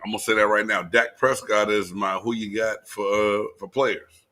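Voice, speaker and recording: A man co-hosting a casual sports talk show, excitable and prone to shouting when worked up. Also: on the low side, normal speed, slight background noise. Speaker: co-host.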